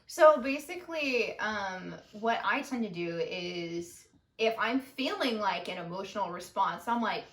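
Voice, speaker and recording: A young woman, co-host and daughter, chatting in an animated, goofy way and acting out her own thoughts. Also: medium pitch, a little slow. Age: young adult. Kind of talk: casual conversation. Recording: roomy, distant from the mic.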